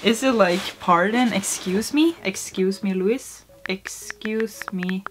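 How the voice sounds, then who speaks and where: A woman's voice: medium pitch, a little slow, background noise. A woman vlogging casually as she tries to learn Spanish, playful and self-mocking, swearing when she gets frustrated.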